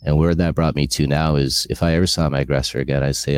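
A man's voice: a bass voice, fairly even intonation, quick pace, hardly any pauses, a little mellow, clear, resonant tone. A middle-aged man sharing a candid personal testimony, earnest and rambling with frequent restarts.

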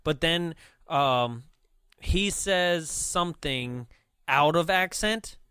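A man's voice: on the high side, slow pace, pushed and bright, clear, resonant tone, no room sound, studio quality. A man co-hosting a casual movie talk, chatty and laughing often as he mocks scenes.

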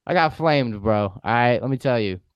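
Smooth-voiced young guy telling a story. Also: mid-range voice, lively intonation, moderate pace, no echo, dull audio. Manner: laid-back storytelling, laughs often, swears. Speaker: podcast co-host. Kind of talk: casual chat.

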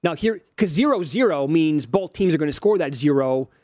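On a sports betting show, a co-host in his forties goes through odds and stats in relaxed conversation, rattling them off analytically. He speaks at a normal pace with a fairly high, animated, slightly mellow voice and no room sound.

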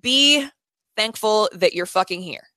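A woman's voice: medium pitch, animated, unhurried, pushed and bright, dry recording. Blunt, swearing woman podcast co-host. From Nebraska, USA. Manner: swears a lot, blunt and emphatic. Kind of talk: casual chat. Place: indoors at a co-host's house.

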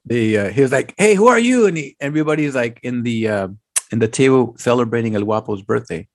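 A man in casual chat, animated and laughing easily, dropping in bits of Spanish slang. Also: medium pitch, fairly quick, gravelly, no room sound.

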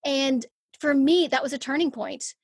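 A woman's voice: high-pitched, moderate pace, no room sound, clean studio sound. A middle-aged woman, a podcast guest, telling a personal story in a conversational interview and acting out her own thoughts.

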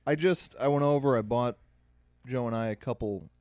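A man's voice: medium pitch, normal speed, darkish tone, dry recording, clean studio sound. A man co-hosting a podcast, telling stories in an exasperated, casual way. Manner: storytelling, exasperated. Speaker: podcast co-host. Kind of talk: casual chat.

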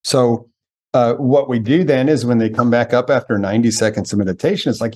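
A man hosting a podcast interview, telling stories in an animated way and slowing down to stress his points. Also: medium pitch, breathy edge. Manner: animated storyteller, slows down for emphasis. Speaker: podcast host. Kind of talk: conversational interview.

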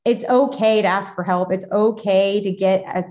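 A woman's voice: medium pitch, fairly even intonation, normal speed, darkish tone. A woman hosting an interview, talking casually about her own parenting, chatty and personal, with many fillers. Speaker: podcast host and parent.

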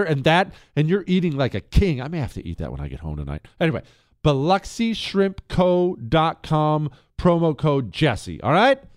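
A male radio host with a sarcastic, mocking edge. His voice runs a little high and swings widely in pitch. The studio sound is dry and close. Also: no room sound. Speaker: radio talk show host. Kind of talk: opinionated talk radio monologue and ad read.

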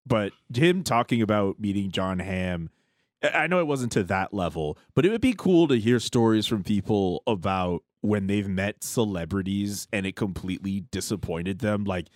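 A man's voice: lowish voice, animated, moderate pace, a little mellow, dry recording. A man co-hosting a sports radio show in a studio, telling stories in a rambling way with many fillers. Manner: rambling, filler-heavy storytelling. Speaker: radio co-host. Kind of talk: casual sports radio chat.

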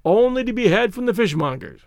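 A man's voice: sits high, sing-song, fairly quick, creaky, a little mellow, no echo, studio quality, pitched above the performer's own voice, exaggerated voice. A man reading a story aloud, voicing a droll young man who jokes in a wry, mock-pompous way.

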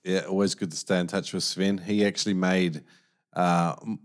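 Low-voiced, halting podcast host man. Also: little pitch movement. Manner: halting, lots of restarts and fillers, earnest. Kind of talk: casual podcast chat.

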